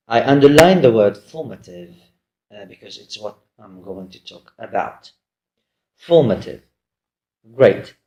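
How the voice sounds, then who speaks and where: A man's voice: mid-range voice, darkish tone. A man giving a recorded lecture, hesitant and full of fillers and restarts. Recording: roomy echo.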